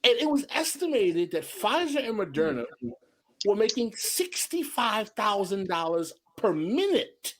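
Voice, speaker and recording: A middle-aged male host with a fairly high, lively voice that swings widely in pitch. He talks emphatically and casually, often repeating himself as he tells stories. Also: measured pace. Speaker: podcast host. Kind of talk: casual podcast chat.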